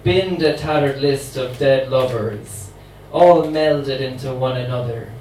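A sassy, world-weary immortal voodoo queen, read aloud by a man at a poetry reading, taking her time over every line. The voice sits at a middle pitch and comes from some way off the mic. A roomy space adds echo, with a faint hum of ambience behind. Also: slow pace, darkish tone, far from the mic, lightly acted. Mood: wry. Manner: sassy, wry monologue delivery.

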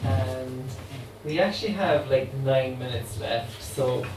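A man's voice: medium pitch, slow, over music. Man hosting a live reading, chatty. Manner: loose and chatty, with many fillers and laughs. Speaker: event host and reader. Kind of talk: casual live introduction. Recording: roomy, distant mic, faint ambient noise.

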